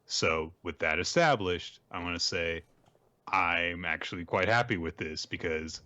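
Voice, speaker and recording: A man's voice: sits low, measured pace, sharp tone, no echo, dull audio. Wry man in podcast chat, dry sound. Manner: wry, reflective commentary with dry jokes. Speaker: podcast co-host. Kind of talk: casual chat.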